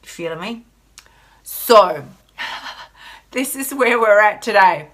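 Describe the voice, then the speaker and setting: A woman's voice: medium pitch, animated, slow pace, a bit bright. An Australian woman hosting a motivational live stream, talking in a sassy, emphatic way and reading viewer comments aloud. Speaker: life coach host.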